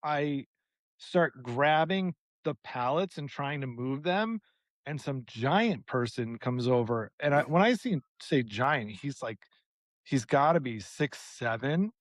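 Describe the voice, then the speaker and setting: Animated man telling a story. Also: medium pitch, takes it slowly, no echo. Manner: animated, swears freely, acts out quotes. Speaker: podcast co-host. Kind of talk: casual storytelling.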